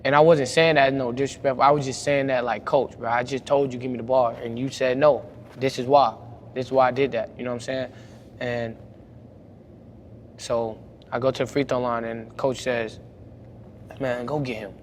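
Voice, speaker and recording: A young man speaks in a casual, unscripted way with a drawl. His voice sits at an everyday middle pitch and turns animated and loud whenever he acts out an argument. A faint background noise runs under the recording. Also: normal speed. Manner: animated, gets louder retelling arguments. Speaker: high school basketball player. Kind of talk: casual storytelling to camera.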